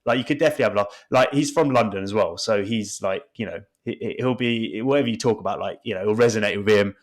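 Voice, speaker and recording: A man's voice: on the low side, fast talker. A man co-hosting a casual podcast with his brother, rambling and restarting his sentences. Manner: rambling, with frequent restarts and laughter. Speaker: podcast co-host. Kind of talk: casual chat between brothers.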